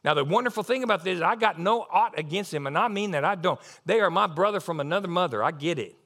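A man's voice: high-pitched, lively intonation, quick pace, fairly bright tone. A middle-aged male preacher delivering a passionate, emotional sermon, often tearful and laughing between lines.

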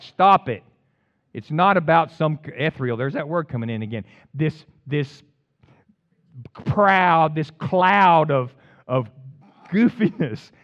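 A man's voice: high-pitched, dull audio. A man preaching a sermon in a fired-up, rambling way, with jokey asides and sudden bursts of emphasis.

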